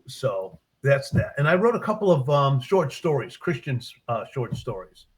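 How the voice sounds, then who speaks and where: A man, a book author in a casual interview, retelling his short stories with lively acted-out character lines. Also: medium pitch, normal speed, slightly rough. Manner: animated storyteller, acts out characters' lines.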